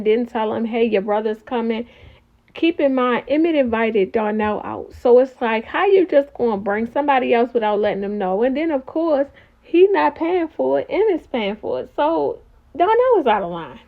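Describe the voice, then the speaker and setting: Chatty lady recapping a show, kinda high voice, tinny phone-quality audio. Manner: chatty, opinionated, talks to viewers as y'all. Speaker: TV recap reviewer. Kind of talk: casual episode recap.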